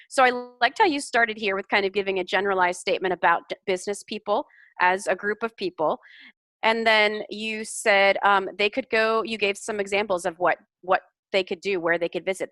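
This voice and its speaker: A woman coaching a student's English over a video call, patient and encouraging. Her voice is bright and clear, recorded dry and close with no room sound. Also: mid-range voice, no echo. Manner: encouraging, explains corrections patiently. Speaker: English speaking tutor. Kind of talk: online tutoring feedback.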